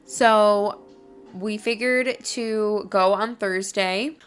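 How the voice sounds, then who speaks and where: A young woman hosting a podcast, telling a personal story in a gushing, excitable way with lots of "like". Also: mid-range voice, very slow, smooth, faint music behind. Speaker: podcast host. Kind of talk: casual storytelling.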